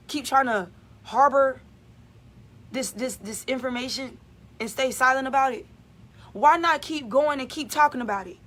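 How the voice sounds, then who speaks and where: A woman's voice: sits high, a bit bright. A woman giving an emphatic, repetitive spiritual vlog monologue as a channeler.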